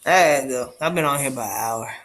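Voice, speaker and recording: A man's voice: mid-range voice, fast talker, fairly bright tone. A man on a livestream, delivering an impassioned rant, profane and emphatic, repeating lines for force.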